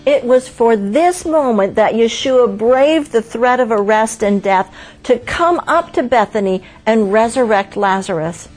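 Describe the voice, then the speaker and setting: A woman giving a scripted devotional Bible teaching, reading scripture slowly and lingering on key words. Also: on the high side, darkish tone, low-quality recording.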